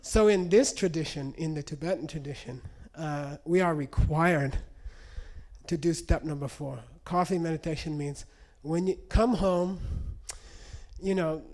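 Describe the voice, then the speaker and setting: A man teaching meditation to an audience, telling stories in an animated way and checking in with frequent questions. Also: on the high side, a little slow. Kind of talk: spoken teaching with anecdotes.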